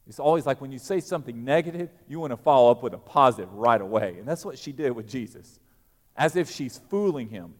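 A male pastor, preaching a sermon that swings from loud, emphatic peaks to quiet, low asides. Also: animated, brisk, in a large hall.

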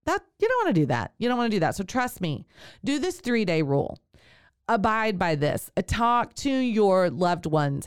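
A woman's voice: mid-range voice, big pitch swings, moderate pace, no echo, clean studio sound. A woman, hosting a podcast and telling a personal birth story, then giving chatty advice straight to her listeners. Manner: chatty, with fillers and direct address to listeners. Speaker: podcast host and birth worker.

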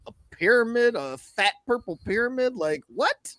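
A man's voice: extremely high pitch, expressive, normal speed, a bit bright, no echo. A man co-hosting a casual sports podcast, telling rambling stories and swearing freely. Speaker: podcast co-host. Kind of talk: casual chat.

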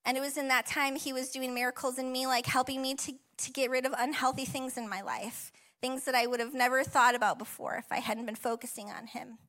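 Bright-voiced woman pastor, tearful and tender. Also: high-pitched, fairly even intonation, brisk, few pauses. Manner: emotional, tearful at times, warm and encouraging; conversational with frequent fillers and laughs. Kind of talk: personal testimony sermon. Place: church auditorium.

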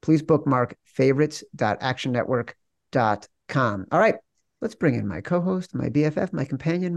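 A man's voice: mid-range voice, expressive, creaky, no room sound. A man hosting a sports betting podcast, upbeat and jokey, running through promos and banter. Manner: upbeat, jokey, quick ad reads. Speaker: podcast host.

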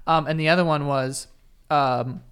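A man's voice: on the high side, steady tone, a little slow, a bit bright, clean tone. A young man co-hosting a podcast in casual, profane chat that rambles and keeps restarting its sentences. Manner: rambling, profane, self-interrupting. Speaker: podcast co-host.

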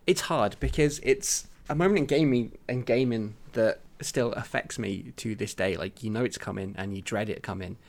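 A man's voice: on the low side, moderate pace, hardly any pauses. Teasing man in casual chat. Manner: animated, teasing, mimics others. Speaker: podcast co-host.

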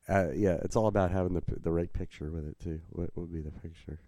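A man with a very deep, mellow voice co-hosts a casual podcast and talks in an easygoing way. He often stops and restarts his sentences. The sound is dry and close to the mic. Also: steady tone, fairly quick, no echo. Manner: easygoing, with frequent restarts and laughs. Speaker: podcast co-host and group admin. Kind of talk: casual chat.

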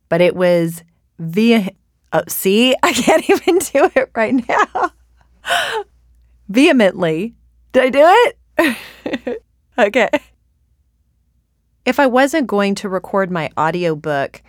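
A woman's voice: fairly low pitch, no room sound. Earnest woman, dry close studio sound. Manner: earnest, heartfelt, laughs at herself. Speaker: audiobook author. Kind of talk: recorded author interview.

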